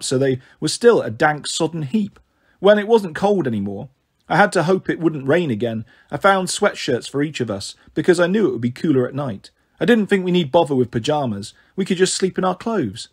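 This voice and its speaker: A man reading a children's novel aloud as a storyteller, in an expressive, sing-song way. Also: a little high, breathy edge.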